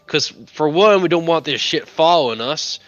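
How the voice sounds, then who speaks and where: A man's voice: on the high side, animated, normal speed, fairly bright tone, muffled recording. A man playing a tabletop game, blunt and urgent, swearing often. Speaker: player. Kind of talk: tabletop role-play.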